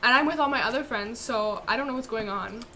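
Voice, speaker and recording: A woman's voice: fairly high pitch, quick pace, bright, forceful tone. A young woman co-host chiming in with her side of the story, chatty and laughing. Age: young adult. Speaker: co-host vlogger. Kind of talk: casual storytelling.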